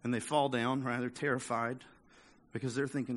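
A man's voice: medium pitch, little pitch movement, normal speed. A man preaching a conversational sermon as pastor, restarting words and acting out the voices of people in the story.

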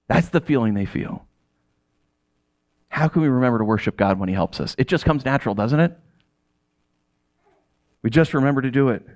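A man giving a casual, animated Bible teaching, chatty and quick to laugh, full of rhetorical questions. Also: mid-range voice.

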